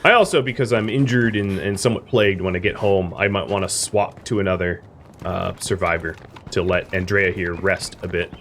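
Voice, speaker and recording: A man's voice: low voice, fairly even intonation, a little fast, a bit bright, a little hiss or hum. A man streaming a video game, casually explaining the mechanics with lots of fillers. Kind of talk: casual gameplay commentary.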